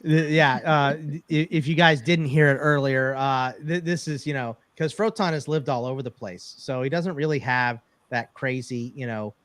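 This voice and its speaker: A man's voice: medium pitch, a bit bright. A man with a light Texan accent, chatting casually on a podcast in an easygoing way with plenty of fillers. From Texas. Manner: easygoing, many fillers and pauses.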